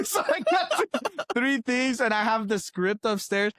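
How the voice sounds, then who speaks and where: High-voiced young man telling a story. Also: sing-song, moderate pace, fairly bright tone, no echo. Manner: rambling, laughs often, acts out quoted lines. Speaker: podcast co-host. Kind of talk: casual storytelling chat.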